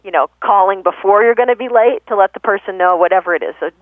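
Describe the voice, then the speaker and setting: Woman, calm explainer, many ums, self-correcting, phone-line audio, dry sound. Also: mid-range voice, fast, no room sound. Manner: thoughtful, frequent fillers and self-corrections. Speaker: guest speaking on communication. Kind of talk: reflective conversational explanation.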